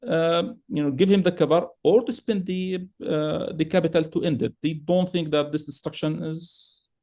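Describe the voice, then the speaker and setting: Man, political commentary, emphatic, mellow dark tone, filler-heavy. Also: fairly high pitch, normal speed. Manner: emphatic, grows heated and animated; frequent uh fillers and restarts. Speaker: podcast guest analyst.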